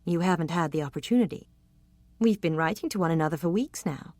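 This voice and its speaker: A woman doing an eager, bumbling young gentleman. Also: fairly low pitch, fast, dry recording, natural voice. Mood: earnest. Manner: earnest, slightly bumbling. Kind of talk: audiobook character reading.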